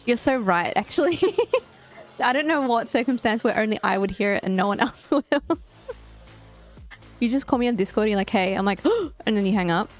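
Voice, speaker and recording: A woman's voice: mid-range voice, fairly quick, faint music behind. A young woman with an Australian accent, chatting casually and animatedly while gaming, giggling often and swearing freely. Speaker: streamer.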